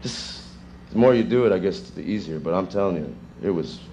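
Low-voiced drummer chatting with students. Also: male voice, brisk, slight background noise. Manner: rambling, animated storytelling with chuckles. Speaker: session drummer. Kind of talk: casual Q&A with students. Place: music school classroom.

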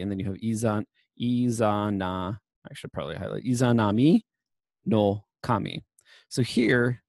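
A man's voice: fairly low pitch, a little mellow, dry recording. A young man giving a casual university lecture on literature, chatty and full of fillers and self-corrections.

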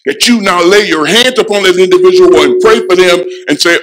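A man preaching a sermon as pastor in a church, emphatic, dropping to a hush and rising again, repeating lines for effect. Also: sits high, brisk, few pauses, rough recording. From Florida. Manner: emphatic preaching, swings from hushed to loud. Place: church sanctuary.

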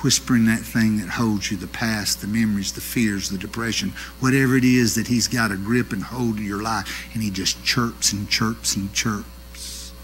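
A middle-aged man, preaching a sermon with animated storytelling that swings from loud to hushed. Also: fairly low pitch, moderate pace, slight background noise.

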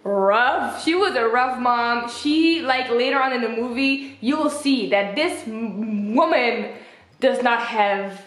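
Young woman vlogger, casual chat, animated, slightly high voice, echoey room. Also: slow. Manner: chatty and animated, acts out quotes with pitch jumps. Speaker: vlogger reviewing a film.

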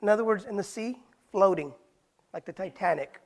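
A man's voice: high voice, a little fast, vocal fry, darkish tone. A man preaching in a Bible study sermon, asking rhetorical questions and using casual street slang. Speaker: pastor.

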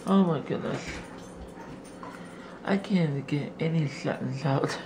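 A man vlogging casually from his home, talking to his camera and coaxing his dog in a high, playful voice between rambling updates. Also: unhurried. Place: home indoors. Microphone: handheld camera. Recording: noisy home camera audio.

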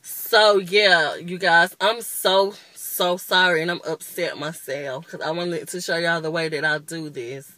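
A woman's voice: on the low side, fairly even intonation, measured pace, few pauses, pushed and bright, no echo. A woman in her twenties giving a casual, rambling makeup review, openly annoyed and chatty. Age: 20s. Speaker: beauty vlogger.

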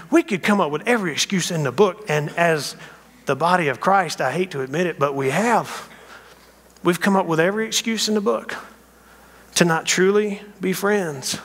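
A man preaching a sermon as a guest speaker in a church, telling stories in an animated way and acting out scenes. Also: on the high side, long reverb tail. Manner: animated storytelling, acts out scenes. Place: church sanctuary.

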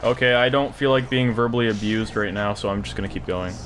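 A man commenting on a video game he is playing, excitable, joking and yelling at the game. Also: lowish voice, quick pace. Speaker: gamer. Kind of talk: let's play commentary. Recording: game ambience and noise behind.

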